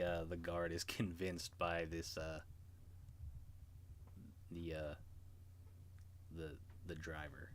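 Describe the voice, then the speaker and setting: A man's voice: deep voice, fairly bright tone, a little hiss or hum. A man narrating as game master in an online tabletop game, hesitant and full of restarts. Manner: hesitant, many restarts and fillers.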